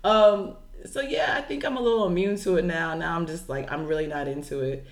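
Chatty young woman, lowish voice. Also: fairly quick. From Chicago, USA. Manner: chatty, laughs often, storytelling. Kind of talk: casual chat.

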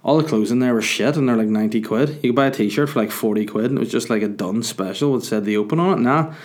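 A man's voice: mid-range voice, quick pace, a little mellow. A young man telling a casual, jokey, rambling story to camera. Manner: rambling, jokey, self-mocking. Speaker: vlogger.

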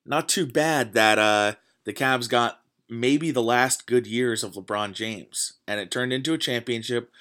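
A man's voice: medium pitch, unhurried, a bit bright. A man hosting his own podcast, ranting casually about sports, getting worked up with frequent swearing and fillers. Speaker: podcast host. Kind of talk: casual solo sports rant.

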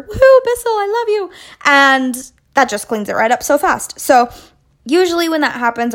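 Young female podcast host with a fairly high voice, animated and self-mocking as she tells a rambling story. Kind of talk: storytelling monologue.

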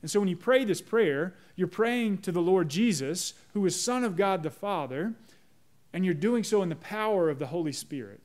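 A man preaching a sermon as pastor, slowing down to lead a prayer. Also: high-pitched, lively intonation, a little mellow. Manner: measured, slows down on prayer phrases; leads the congregation in repeating a prayer.

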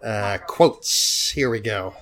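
A man's voice: lowish voice, slow, fairly bright tone. A man hosting a podcast with his father, chatting casually and joking in a mock-hurt, self-deprecating way. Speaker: podcast host.

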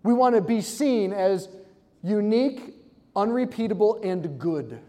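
A man giving an animated, joking talk to a live audience, acting out quick voices. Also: high voice, in a large hall. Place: large hall with audience.

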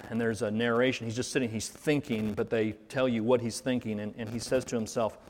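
A man's voice: medium pitch, flat delivery, normal speed. Male pastor, mid-range voice, earnest sermon delivery from a reverberant church hall. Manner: earnest, reflective, with rhetorical questions. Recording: reverberant hall, faint noise.

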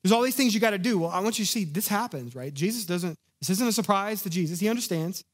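A man preaching a sermon in an animated, conversational way, acting out the lines of the people in his story. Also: high-pitched, quick pace. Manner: animated, conversational, acts out quotes. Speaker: pastor.

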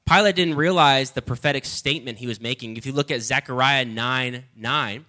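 A man preaching a sermon and reading scripture, earnest and halting, often repeating words as he restarts. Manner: rises loud and high when reading quoted lines.

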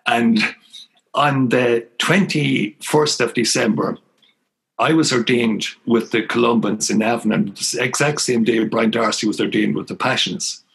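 Gravelly older Irish priest. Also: male voice, medium pitch, fairly even intonation, a little slow, a bit bright, low-quality recording. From Ireland. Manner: earnest, emphatic storyteller. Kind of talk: storytelling interview guest.

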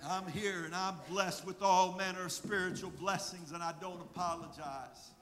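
A man with a Southern accent preaching a rhythmic sermon as pastor, swinging between hushed passages and shouted refrains. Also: sits high, steady tone, moderate pace, faint music behind. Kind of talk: fiery sermon. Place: church sanctuary. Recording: long hall reverb, faint crowd and noise.

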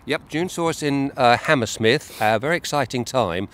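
A man's voice: mid-range voice, normal speed, fairly bright tone. A man chatting casually, telling stories of street preaching with frequent laughs and fillers. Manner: chatty storyteller, laughs often, many "uh" fillers. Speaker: co-host recounting street preaching trips. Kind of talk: casual chat.

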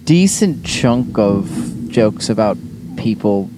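A man's voice: on the low side, animated, slow pace, noisy background. A man co-hosting a podcast in casual chat, laid-back and a little hesitant. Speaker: podcast co-host.

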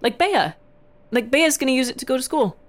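An actress playing a doctor and mentor who talks earnestly and a bit hesitantly. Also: female voice, sits high, expressive, a little fast.

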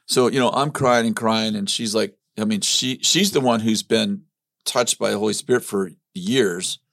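A man's voice: on the low side, moderate pace, gravelly, fairly bright tone, dry recording, clean studio sound. A middle-aged man telling a personal story in a casual chat, animatedly acting out quotes with many restarts. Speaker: ministry leader telling his story.

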